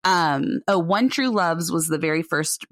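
A woman's voice: lowish voice, lively intonation, unhurried, no room sound, studio quality. A woman chatting casually about books as a podcast co-host, self-deprecating and chatty. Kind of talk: casual book chat.

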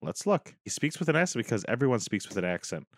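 A man's voice: medium pitch, big pitch swings, quick pace, dry recording, clean studio sound. A man co-hosting a podcast, chatting casually, joking and swearing, sometimes reading from the web. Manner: profane, joking, reads aloud from web. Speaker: podcast co-host.

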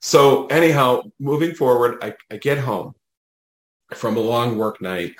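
A man, a guest medium, telling a personal story in a casual, animated way, often adding "you know" and "right?". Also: mid-range voice, a little slow, reverberant.

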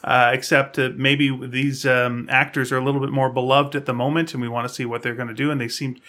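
Bright-voiced chatty podcast man. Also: mid-range voice, flat delivery, fast. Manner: rambling, many fillers and restarts. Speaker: podcast co-host. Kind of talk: casual chat.

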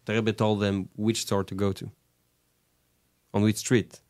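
A man speaking as an interview guest, halting and searching for his words in a relaxed conversation. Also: on the low side, no room sound.

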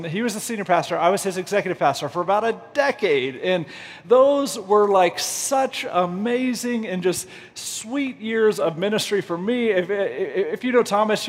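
A man's voice: high-pitched, big-room sound. A man preaching a humorous, self-deprecating storytelling sermon, laughing often as he goes. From United States. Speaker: pastor.

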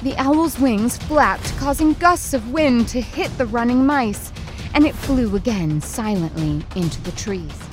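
A woman narrating a storybook in a slow, dramatic and suspenseful way. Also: on the high side, lively intonation, music in the background.

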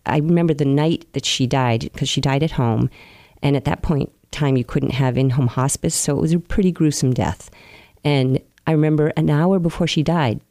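A woman recounting her life in an interview, earnest and open, with soft pauses as she reflects. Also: low voice, dry recording. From New England, US. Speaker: interview guest.

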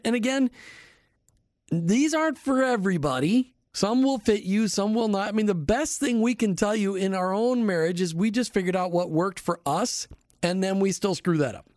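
A man co-hosts a Christian marriage radio show. His speech swings widely in pitch, and he leans into points with emphatic, lightly preachy energy. The studio sound is dry and close. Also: lively intonation, moderate pace, darkish tone, dry recording. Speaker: radio co-host.

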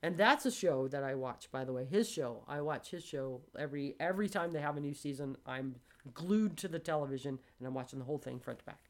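A woman in her sixties hosting a casual chat, telling stories with animated, blunt delivery and acted-out dialogue. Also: sits low, a little fast, few pauses. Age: 60s. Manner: animated storytelling, swears freely, acts out quoted dialogue.

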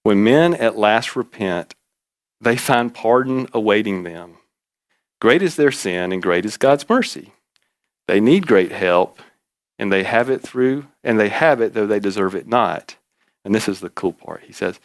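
Folksy male preacher, low voice. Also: lively intonation, measured pace, dry recording. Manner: folksy storytelling with laughs and emphatic repetition. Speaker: pastor. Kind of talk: sermon.

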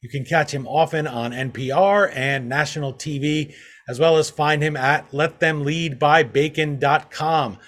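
A man hosts an interview in a clear, steady way. His voice sits a little higher than most men's. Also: a little slow. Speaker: interview host. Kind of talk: interview hosting.

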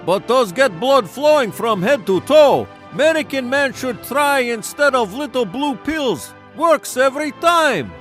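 A man's voice: very high voice, animated, measured pace, hardly any pauses, a bit bright, heavily acted. An actor playing a burly, boastful Russian man with a Russian accent in a comedic radio promo, speaking in swaggering broken English. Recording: faint music bed.

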